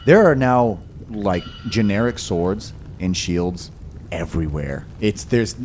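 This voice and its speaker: A man narrates a tabletop game in a fairly low voice and rambles loosely through scenes with plenty of fillers, over a faint hiss. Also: lively intonation, slow, a little mellow. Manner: rambling, filler-heavy, laughs often. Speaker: game master.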